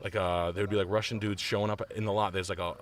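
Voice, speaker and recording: A man in casual chat, telling stories and putting on loud voices of other people. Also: fairly low pitch, quick pace. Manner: animated storyteller doing loud voices of others. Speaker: co-host.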